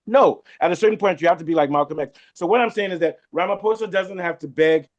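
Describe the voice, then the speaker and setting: A forceful man leads a panel discussion, often cutting in on the others. His voice sits a bit high for a man. It comes through dull and lo-fi. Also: fast. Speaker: host. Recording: dull lo-fi sound.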